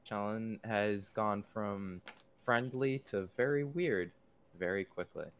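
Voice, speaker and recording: A man playing a tabletop game who talks casually and excitably, with plenty of swearing. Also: lowish voice, slow pace, lo-fi sound. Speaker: player.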